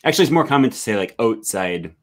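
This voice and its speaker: A man hosting a casual chat, relaxed and curious, with many fillers. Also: fairly low pitch, moderate pace. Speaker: host. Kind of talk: casual video call chat.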